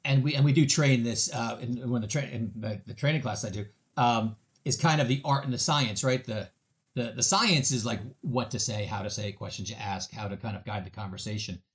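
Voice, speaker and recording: Animated man telling sales stories. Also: mid-range voice, brisk. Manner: animated storyteller, acts out voices of customers; many fillers and restarts. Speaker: sales trainer, guest. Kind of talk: casual interview chat.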